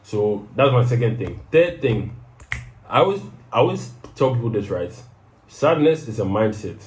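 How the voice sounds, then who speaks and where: A man's voice: mid-range voice, animated, normal speed, darkish tone, reverberant, poor audio. A young man hosting his own show, giving casual motivational advice and often tagging "right?" onto his sentences. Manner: conversational, peppers sentences with "right?". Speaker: host of a personal advice show.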